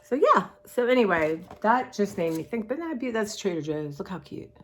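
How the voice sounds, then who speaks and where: A woman's voice: medium pitch, big pitch swings, moderate pace, fairly bright tone, a little hiss or hum. A woman, rambling chattily to her viewers in a casual art vlog. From United States. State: sore throat. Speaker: vlogger.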